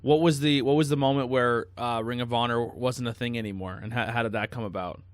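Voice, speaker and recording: A man's voice: medium pitch, steady tone, brisk, no room sound. A man hosting a podcast interview, reacting briefly and asking questions. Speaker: podcast host. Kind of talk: casual interview.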